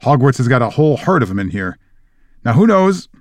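A hearty half-giant schoolteacher, as a man reads him aloud, proud of his creatures and patient with frightened pupils. His folksy talk sits at a middling pitch. The recording is close and dry, with no room around it. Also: sing-song, fairly quick, no echo, lightly acted. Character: big gentle male half-giant teacher, proud, patient.

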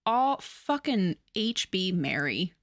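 A woman's voice: medium pitch, very animated, slow, fairly bright tone, no room sound, studio quality. A woman co-hosting a podcast, talking casually and bluntly about a romance novel, swearing freely and laughing. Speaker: podcast co-host.

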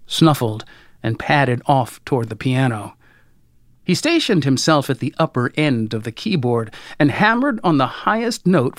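Wry first-person storyteller, unhurried and dry, lively intonation, close studio sound, occasional whispered asides. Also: medium pitch, no room sound. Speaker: audiobook narrator. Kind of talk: scripted first-person narration.

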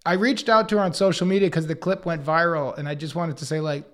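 A man in his forties, a podcast co-host, telling stories in casual chat and acting out other people's lines with lively swings. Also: fairly high pitch, quick pace. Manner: animated, acts out others' lines in quotes.

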